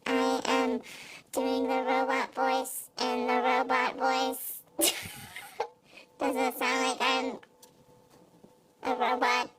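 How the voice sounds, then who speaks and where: A woman doing a flat high robot voice. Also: slow, long pauses, very noisy. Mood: playful. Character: stiff monotone female robot.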